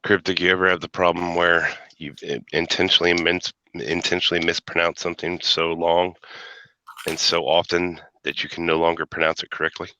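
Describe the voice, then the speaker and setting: Man, very low pitch, blunt, swears, dry dull lo-fi recording. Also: level tone, a little fast, pushed and bright, dry recording. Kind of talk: casual chat.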